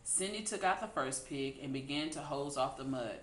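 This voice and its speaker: A woman reading a children's picture book aloud in an unhurried, expressive way. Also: extremely low pitch. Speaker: storybook reader. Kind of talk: children's read-aloud narration. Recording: echoey room.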